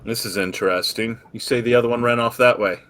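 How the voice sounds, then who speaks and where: A man voicing a gruff, commanding guard captain in a tabletop game, speaking low and measured. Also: fairly even intonation, fairly bright tone, natural voice. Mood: wary.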